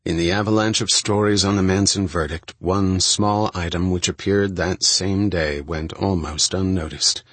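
Casting: male audiobook narrator, low voice, slightly husky, dry studio sound. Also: steady tone, normal speed, few pauses, a bit bright, no room sound. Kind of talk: audiobook narration of a first-person true-crime book.

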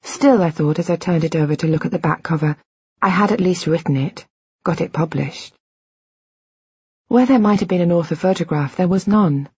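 A woman reading a first-person audiobook in a measured, reflective, quietly intimate way. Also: lowish voice, husky, no echo, dull audio. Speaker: audiobook narrator.

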